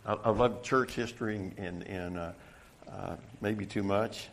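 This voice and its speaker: Halting, self-mocking man preaching. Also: fairly low pitch, vocal fry, a little hiss or hum. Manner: halting, stumbling restarts, self-deprecating humor; rises loud and emphatic when reading scripture. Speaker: pastor. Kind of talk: sermon.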